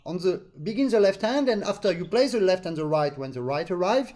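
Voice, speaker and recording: A man's voice: sits high, lively intonation, brisk, hardly any pauses, a little mellow, soft background music. A man with a French accent, a non-native English speaker, teaching a live online accordion master class and singing rhythms with syllables.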